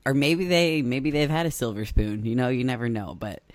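A man's voice: mid-range voice, expressive, moderate pace, no room sound. A man co-hosting a podcast, laid-back and laughing often, with casual swearing. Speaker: podcast co-host.

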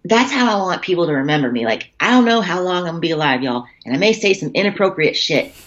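A lowish-voiced woman tells rambling stories in casual podcast chat, full of fillers and cheerful swearing. Her voice comes through a computer call, sounding dull and lo-fi. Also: sing-song, fast talker. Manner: chatty storyteller, frequent swearing and fillers. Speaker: podcast guest, bodybuilder. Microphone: computer call setup.

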